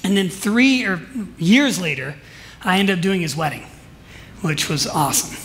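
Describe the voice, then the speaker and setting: A man preaching a sermon in a church service, telling stories emphatically and swinging between soft asides and loud declarations. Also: high voice, sing-song, normal speed, gravelly, a little hiss or hum. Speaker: pastor.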